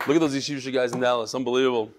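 A middle-aged man teaching a Torah class in lively talk, mixing Yiddish and Hebrew terms into English. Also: medium pitch, rapid-fire.

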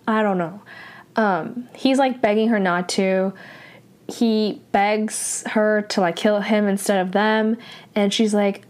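A woman's voice: mid-range voice, steady tone, slow, a little mellow. A woman casually recapping a drama episode, chatty and full of filler words, with exasperated, incredulous asides.

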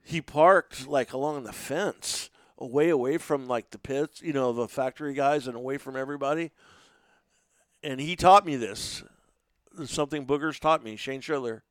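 A middle-aged man casually telling animated, profane stories in a podcast chat, sometimes shouting. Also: medium pitch, normal speed, dry recording. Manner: animated, swears freely, shouts when acting out others.

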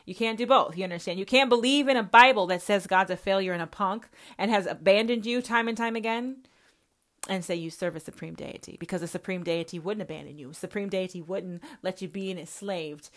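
Talking fairly quickly, a podcast host with a mid-range, slightly bright voice launches into a confrontational rant. She swears nonstop and speaks directly to whoever is listening.

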